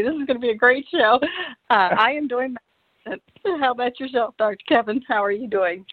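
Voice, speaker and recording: A bubbly, giggly woman with a fairly high voice co-hosts a radio show. She sounds thin and dry, as if she is on a phone line. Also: a little fast, dry recording. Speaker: radio co-host. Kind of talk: live radio chat.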